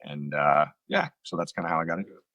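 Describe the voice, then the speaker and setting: A man's voice: low-pitched, big pitch swings, fast talker, gravelly, sharp tone, no echo. A man being interviewed about his acting career over a video call from home, telling long rambling stories with lots of fillers and self-mocking asides. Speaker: actor guest. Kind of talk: casual interview storytelling. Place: home room. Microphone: computer on video call.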